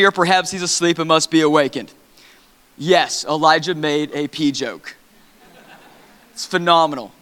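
Man, preacher, high pitch, crisp and clear, long hall reverb. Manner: energetic, playful asides between dramatic readings. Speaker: pastor. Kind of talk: sermon scripture reading. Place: large church hall.

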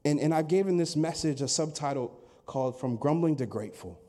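A man preaching a Sunday sermon, acting out complaining voices and rising to loud, emphatic peaks. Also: a little high, a little fast. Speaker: pastor.

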